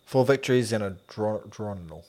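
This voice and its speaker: A man's voice: fairly low pitch, normal speed, darkish tone. A man co-hosting a casual podcast, chatting loosely over beers and often trailing off mid-sentence. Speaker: podcast co-host.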